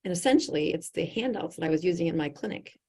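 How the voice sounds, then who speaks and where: Husky-voiced animated woman storyteller. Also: on the low side, fast. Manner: animated, laughing often, acts out quotes. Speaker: physician, podcast guest. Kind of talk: conversational storytelling.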